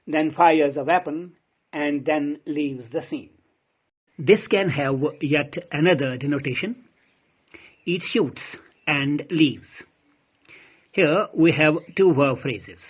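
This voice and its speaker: A man's voice: on the high side, measured pace, breathy edge, muffled recording. A man teaching a recorded grammar lesson, explaining formally and calling his listeners dear friends. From Kashmir.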